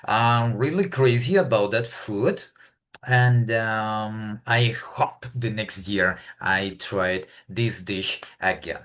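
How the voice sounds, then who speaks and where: A man's voice: on the low side, takes it slowly, fairly bright tone. A man from Colombia with a Colombian accent, a Spanish-speaking English learner talking off the cuff and searching for words. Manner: hesitant, searching for words in a second language. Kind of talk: unscripted speaking practice.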